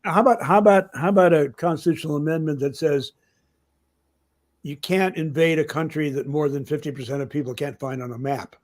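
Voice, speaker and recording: A man's voice: on the high side, a little fast, a little mellow. An older man, a journalism professor, telling rambling anecdotes in an interview, full of "I mean" and "you know.". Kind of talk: anecdotal conversation.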